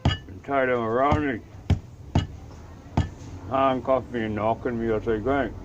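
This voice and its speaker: A man's voice: medium pitch, steady tone, a little slow. An older man with a Bahamian accent, a Rastafarian elder telling a story from his life in a vivid, dramatic way and acting out the voices of the people in it. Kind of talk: storytelling in an interview. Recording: dull lo-fi recording with clear background noise.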